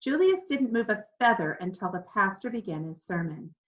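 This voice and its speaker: A woman reads a children's storybook aloud with clear, expressive storytelling. Her voice sits at a middle pitch, and the recording sounds slightly dull and lo-fi. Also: moderate pace. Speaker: audiobook narrator.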